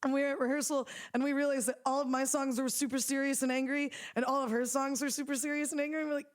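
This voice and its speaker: Casting: young woman, slightly high voice, loose rambling talker full of fillers, laughs easily. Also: level tone, quick pace. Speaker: musician guest. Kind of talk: casual interview chat.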